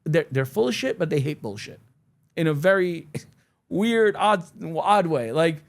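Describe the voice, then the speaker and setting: Blunt, gravelly-voiced man. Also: a little high, expressive, a little slow. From Syria. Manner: blunt, profane storytelling. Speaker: podcast guest, attorney. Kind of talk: casual interview conversation.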